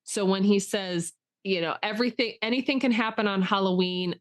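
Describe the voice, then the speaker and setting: A woman's voice: medium pitch, brisk. A young woman co-hosting a podcast, chatting casually and jokingly, often restarting sentences and acting out quotes. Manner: animated, joking, many restarts and quoted asides. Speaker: podcast co-host. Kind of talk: casual chat.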